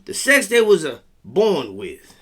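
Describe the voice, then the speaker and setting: A man's voice: high-pitched, huge pitch swings, measured pace, fairly bright tone, slightly rough. A man hosting a vlog, reading text aloud and breaking into blunt, profane rants. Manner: blunt, heavy swearing. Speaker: vlog host. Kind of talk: profane commentary monologue.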